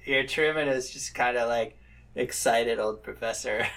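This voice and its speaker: Brief: male podcast guest, gravelly, easygoing. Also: mid-range voice, a little slow, bright, forceful tone. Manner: laughs easily, joking. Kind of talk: casual podcast chat.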